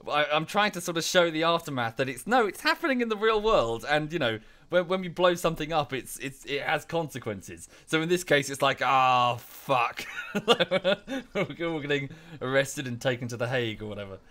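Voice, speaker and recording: A man's voice: a little high, very animated, a little fast, fairly bright tone. A man streaming live, chatting casually in a rambling way with many fillers and restarts, thanking viewers in chat as he goes.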